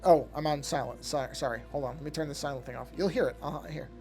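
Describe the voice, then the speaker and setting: A man's voice: a little high, fast, a little mellow, faint music behind. A man chatting casually to his live-stream chat while drawing, rambling and often breaking off to fix something. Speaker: art streamer.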